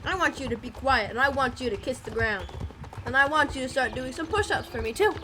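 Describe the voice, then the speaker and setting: A woman's voice: high voice, lively intonation, a little fast. A young woman streamer chatting casually, playful and mock-bossy, swearing and hurling silly insults. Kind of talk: casual chat. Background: music.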